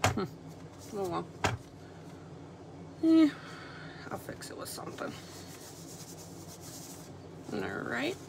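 A woman with a mid-range, sing-song voice and vocal fry talks very slowly and pauses often, against a noisy background. She's demonstrating a stamping project at her craft table, chatting and poking fun at herself as she thinks out loud in casual how-to style.

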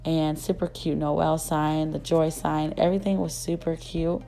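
A young woman vlogger, her voice still rough after losing it, chatting and gushing in a casual shop-with-me voice-over. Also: deep voice, flat delivery, measured pace, dark tone. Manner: gushing, chatty, many fillers. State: rough voice, just recovering.

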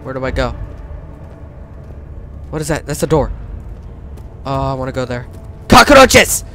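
A young man panicking, yelling and reading text aloud while playing a horror game. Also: medium pitch, fairly even intonation, normal speed. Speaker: gamer. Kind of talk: horror let's play commentary.

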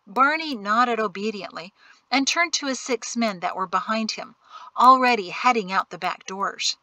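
A woman narrates a novel in even, measured storytelling. Her voice is somewhat high and very bright, recorded close on a studio mic with a completely dry sound. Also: dry recording, poor audio. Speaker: audiobook narrator. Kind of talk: scripted narration.

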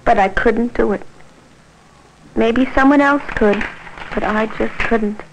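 A woman's voice: fairly high pitch, takes it slowly, a little hiss or hum, rough recording. An actress voicing a scared pregnant teenage girl, narrating her story in earnest, plain first-person narration for an old educational film.

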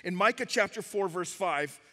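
A man's voice: high-pitched, animated, normal speed, bright, forceful tone, long reverb tail. A man preaching a sermon as pastor, telling stories emphatically in a church sanctuary.

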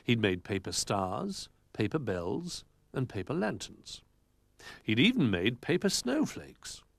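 A man reading a children's storybook aloud in an animated, expressive way. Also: medium pitch, slow pace, gravelly, dry recording. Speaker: narrator.

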